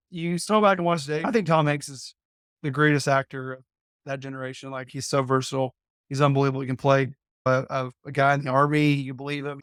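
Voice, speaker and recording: A man in his thirties tells a story as a podcast guest, his voice pitched a little high for a man. He is animated, playful and self-deprecating. The recording is close and dry, with no room sound. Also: dry recording. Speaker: podcast guest, former college football player. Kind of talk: casual anecdote-telling.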